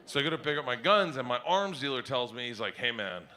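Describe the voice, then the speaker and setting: A middle-aged man doing stand-up comedy on stage, telling a story loudly and excitably, breaking into yelled punchlines. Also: medium pitch, fast talker, a little hiss or hum. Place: stage before a live audience. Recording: live show with loud crowd laughter.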